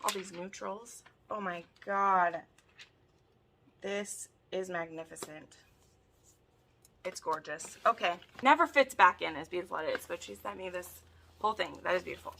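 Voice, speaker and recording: A woman hosting a casual unboxing video, gushing and excitable, often gasping as she talks. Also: on the low side, moderate pace, gravelly, slight background noise. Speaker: book video host.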